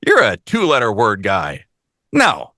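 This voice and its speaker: Fairly low-voiced guy rattling off a story on a podcast, dry close sound, swears a bit. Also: huge pitch swings, sharp tone, no room sound. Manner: fast, profane storytelling with quoted dialogue. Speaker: podcast co-host. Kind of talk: casual chat.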